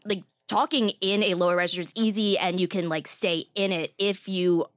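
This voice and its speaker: A woman's voice: on the low side, steady tone, brisk, no room sound, clean studio sound. A woman appearing as a guest on a podcast, explaining things in a thoughtful way, with fillers. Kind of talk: casual panel chat.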